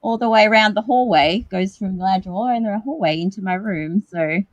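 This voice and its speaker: A woman's voice: mid-range voice, brisk, no echo, low-quality recording. A woman co-hosting a casual livestream from her bedroom, chatty and rambling, a bit tired and loopy from the heat. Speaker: co-host of a paranormal livestream. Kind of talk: casual chat. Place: bedroom at home. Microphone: video call setup.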